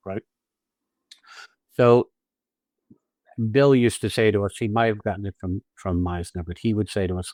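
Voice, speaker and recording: A man's voice: lowish voice, normal speed, long pauses, darkish tone, dry recording. A man co-hosting a podcast on acting, explaining technique in casual chat, blunt and profane, stressing points and restarting phrases. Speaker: podcast co-host and acting teacher.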